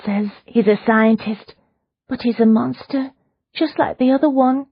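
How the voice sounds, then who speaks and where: A woman's voice: sits high, a little slow, muffled recording, voice pushed up. A woman reading an audiobook voices a terrified, half-mad young woman prisoner who wails and clings to her fixed idea. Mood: despairing. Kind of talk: audiobook character voice.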